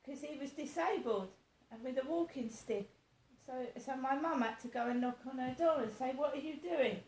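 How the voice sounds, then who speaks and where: A woman's voice: high voice, moderate pace, darkish tone, distant mic. A woman vlogging in a rambling, aggrieved way, repeating herself as she complains. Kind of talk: casual vlog rant. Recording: echoey room with faint hiss.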